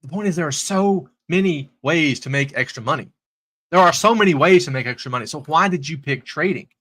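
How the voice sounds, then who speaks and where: Animated man teaching trading, lively pitch. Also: a little fast. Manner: animated storyteller, acts out characters with high voices; earnest, faith-based, repeats words when starting sentences. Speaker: trading instructor. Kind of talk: live-streamed teaching with stories.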